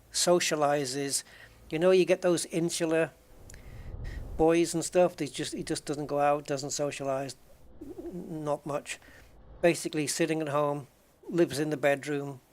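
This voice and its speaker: A man chatting casually as he plays a game, rambling and often restarting his sentences. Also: a little high. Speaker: game streamer. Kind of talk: casual chat while gaming.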